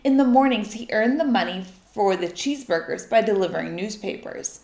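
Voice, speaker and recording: A woman reading a children's story aloud in an expressive, lively way. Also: mid-range voice, fairly quick, gravelly. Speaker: storybook reader. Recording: echoey room.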